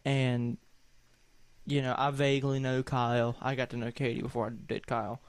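A man's voice: medium pitch, flat delivery, normal speed, clean tone, no room sound. A young man with a Southern US accent, co-hosting a podcast and telling a long, rambling story. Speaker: podcast co-host. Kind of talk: casual chat.

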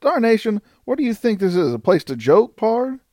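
A man voicing a coarse, desperate male outlaw in an audiobook, with rough frontier dialect. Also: mid-range voice, lively intonation, normal speed, a little mellow, dry recording, clean studio sound, lightly acted. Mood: alarmed.

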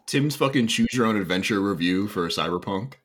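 A man with a low voice talks his way through a story on a podcast. He wanders and hesitates, filling gaps with ums. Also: expressive, fairly quick, slightly rough. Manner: meandering, hesitant with many ums. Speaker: podcast co-host. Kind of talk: casual podcast chat.

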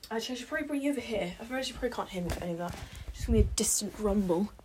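A young British woman vlogs solo at home while building a blanket fort, chatting to herself and her pets and often slipping into whispers. Her voice is on the high side, animated and rapid-fire with a warm tone, and she sounds a bit out of breath from a slight cold. There's a faint hiss or hum in the recording.

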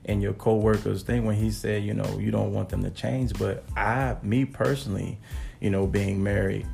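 A man co-hosting a casual podcast, speaking earnestly and easily, often circling back over his points. His voice is low with a gravelly edge. Faint music plays in the background. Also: normal speed. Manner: relaxed, earnest, repeats phrases. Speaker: podcast co-host. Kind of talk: casual conversation.

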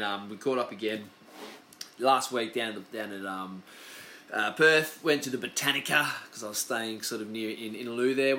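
A man's voice: fairly low pitch, pushed and bright, slight background noise. Rambling, swearing Australian man. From Western Australia. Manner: loose, profane, chatty storytelling. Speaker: podcast host. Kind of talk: casual rambling monologue.

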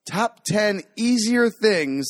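A man's voice: sits high, expressive, slow pace, no echo, studio quality. A man hosting a podcast in casual chat, rambling and tripping over his words, swearing freely as he jokes. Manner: rambling, stumbling over words, profane joking. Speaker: podcast host.

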